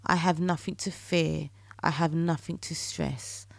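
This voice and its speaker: A woman hosting a solo podcast, talking earnestly and coaching listeners through affirmations she recites slowly. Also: deep voice, fairly even intonation, gravelly, no echo. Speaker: podcast host. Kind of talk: solo podcast talk on manifestation.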